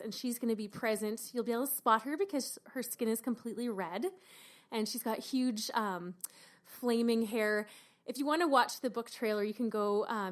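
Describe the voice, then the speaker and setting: A woman author from Canada, talking in an animated, expressive way about her book in a radio interview. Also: medium pitch. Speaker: author guest.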